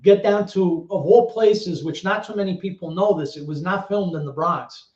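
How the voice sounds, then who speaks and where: A man in his thirties tells a story as an interview guest, in a slightly high voice. He is animated and swears freely, and he slips into other people's voices as he goes. The sound is roomy and echoey, with a dull, lo-fi quality. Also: moderate pace.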